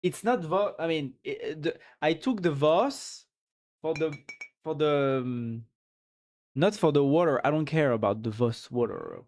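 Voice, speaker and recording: A slow, rambling man with a French accent chats casually on a live stream, a touch high in pitch. He drifts between thoughts and answers chat as he goes. French is his first language, and his English carries it throughout. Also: animated, a little mellow. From France. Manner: rambling, chatty, reads chat aloud.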